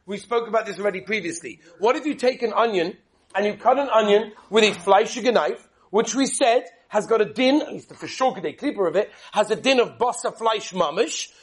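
An animated man with a high voice leads a class, speaking with a lilt. He keeps it lively, tossing in anecdotes and questions to his students. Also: fairly quick, slightly rough. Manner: animated, storytelling, drops into whispered quotes. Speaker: rabbi teaching a class. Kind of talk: lively lecture on Jewish law with stories.

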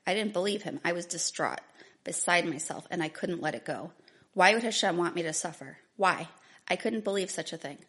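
A woman's voice, on the low side and a bit bright, moves briskly. She's in her thirties and earnestly shares her story as an author, a personal testimony that includes reading from her own book.

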